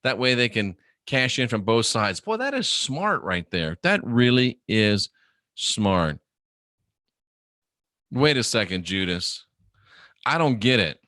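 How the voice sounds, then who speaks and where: A middle-aged man hosts a casual live chat and reads viewer comments aloud. He talks bluntly and jokes a lot, and his bright, forceful voice sounds dry and close to the mic. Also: medium pitch, sing-song, slow, pauses often, no room sound. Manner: blunt, profane, joking. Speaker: livestream host reading chat.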